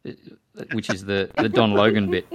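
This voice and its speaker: A man's voice: on the low side, level tone, normal speed, slight background noise. A man hosting a casual podcast chat, chatty and prone to quoting films. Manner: chatty, quotes films in put-on voices. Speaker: podcast host.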